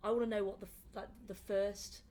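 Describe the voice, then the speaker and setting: A young woman with a Northern English accent, a comedian chatting in a casual interview and telling animated, laughing stories. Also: mid-range voice, fairly quick, a little hiss or hum. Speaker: comedian guest. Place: indoor room.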